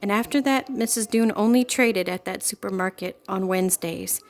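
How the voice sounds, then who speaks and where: A woman reading a children's storybook aloud in a gentle, expressive storytelling manner. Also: mid-range voice, normal speed. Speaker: storybook reader.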